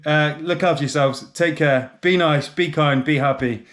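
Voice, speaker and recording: A man's voice: fairly high pitch, moderate pace, few pauses, a bit bright. A man hosting a casual car vlog, chatty and chummy with rambling asides. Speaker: channel host.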